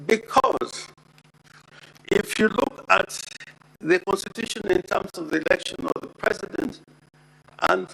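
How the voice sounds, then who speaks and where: A man making a formal legal argument before the Senate as counsel, deliberate and emphatic, repeating key words for weight. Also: high-pitched, creaky, pushed and bright, breathy edge, poor audio. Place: Senate chamber.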